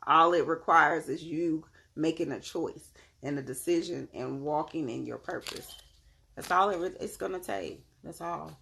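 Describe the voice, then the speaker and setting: Woman doing a tarot reading, gravelly fry in her voice, loose and slangy, cusses and laughs a lot. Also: deep voice. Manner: animated, slangy and profane, laughing often. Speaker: tarot reader. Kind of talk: casual tarot reading to viewers.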